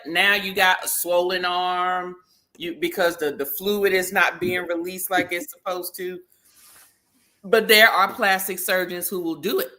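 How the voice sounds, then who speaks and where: A woman co-hosting a casual live talk show, animated and emphatic, who repeats phrases for effect and laughs often. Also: lowish voice. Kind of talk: casual livestream chat.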